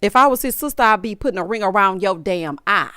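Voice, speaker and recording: Sassy woman recapping TV, lively voice. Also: mid-range voice, fast talker, clean tone, dry recording, studio quality. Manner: animated, dramatic and sassy, with punchy asides. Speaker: reality TV recap host.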